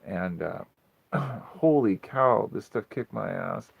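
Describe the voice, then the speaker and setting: Gravelly-voiced man rambling on a livestream. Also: fairly low pitch, expressive, takes it slowly, dry recording. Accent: US Pacific Northwest. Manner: rambling storytelling, frequent swearing. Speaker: livestream host. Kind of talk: casual livestream chat. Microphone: phone. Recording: dull lo-fi phone audio.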